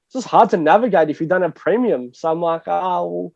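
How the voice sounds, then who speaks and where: A young man with an Australian accent rambles through a casual podcast chat, laughing at himself and swearing freely. His voice sits a little high but sounds dark and mellow. The recording is dry and a bit dull. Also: lively intonation, fast, no echo. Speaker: guest DJ and producer.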